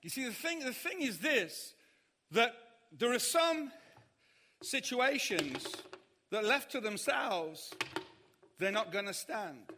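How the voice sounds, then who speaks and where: A man preaching a sermon, telling a funny story and acting out the panic of others in shouts. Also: very high voice, sing-song, takes it slowly, pauses often, noisy background. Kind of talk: sermon with humorous anecdote. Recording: hall reverb.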